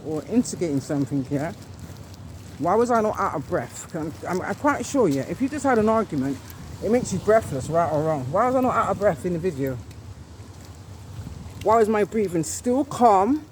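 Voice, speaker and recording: A woman's voice: on the low side, lively intonation, normal speed, a little mellow. A woman vlogging an angry monologue, indignant and emphatic, swearing and repeating herself. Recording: noisy home recording.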